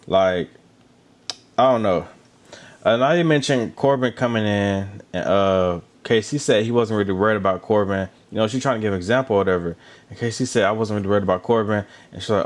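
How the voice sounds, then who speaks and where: Casual male recap host with a low voice, animated delivery, chatty asides. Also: fast. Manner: animated, chatty, with asides about drinking water and lotion. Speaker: reality show recap host.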